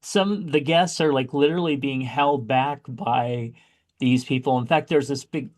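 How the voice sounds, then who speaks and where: A man co-hosting a podcast, chatting casually about a movie with big excited jumps in pitch when he exclaims. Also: measured pace. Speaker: podcast co-host. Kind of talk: casual chat reviewing a movie.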